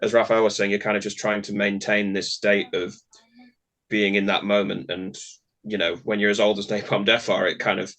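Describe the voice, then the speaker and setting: A man's voice: fairly low pitch, level tone, moderate pace, a bit bright. A man co-hosting a podcast, rambling in a friendly way and laughing often. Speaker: podcast co-host. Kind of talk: casual podcast discussion.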